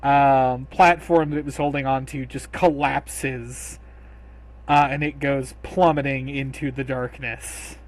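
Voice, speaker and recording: A man narrating a tabletop game as game master, telling the scene in a measured, descriptive way. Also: medium pitch, steady tone.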